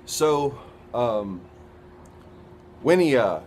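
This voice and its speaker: A man giving an earnest, halting personal testimony, retelling events with quoted dialogue. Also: medium pitch, very animated, darkish tone, a little hiss or hum.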